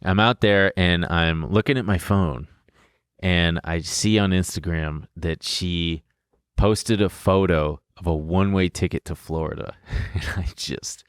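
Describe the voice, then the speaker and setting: A young man with a low, smooth voice recounts a story in relaxed podcast chat. He rambles and laughs at himself as he goes. The sound is dry and close. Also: unhurried, no echo. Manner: rambling, self-deprecating, laughs through his story. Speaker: podcast co-host.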